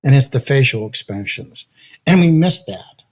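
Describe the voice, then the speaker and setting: An older man, a guest in an interview, telling animated stories with a slightly husky voice, acting out quotes and laughing often. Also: medium pitch, normal speed. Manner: lively anecdotes, acts out quotes, laughs often. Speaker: guest, audio company founder. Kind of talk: animated storytelling in conversation.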